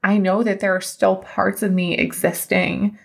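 A woman's voice: medium pitch, flat delivery, unhurried, creaky. A woman in her thirties hosting her own podcast, telling a personal story in a chatty, emphatic, heartfelt way. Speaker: podcast host and coach. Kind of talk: casual storytelling monologue.

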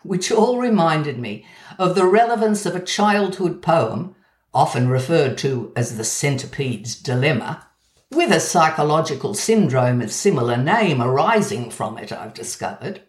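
A woman with an Australian accent reading a measured, gently wry scripted essay about language. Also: deep voice, expressive. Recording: roomy echo.

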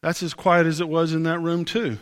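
A man's voice: fairly high pitch, level tone, fairly quick, big-room sound. A man preaching a sermon as pastor, telling a story in a conversational way and asking the congregation rhetorical questions. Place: church service.

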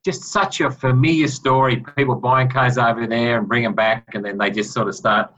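A man's voice: mid-range voice, steady tone, moderate pace, fairly bright tone. A man with an Australian accent co-hosting a podcast, easygoing and chatty. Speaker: podcast co-host. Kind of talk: casual podcast chat.

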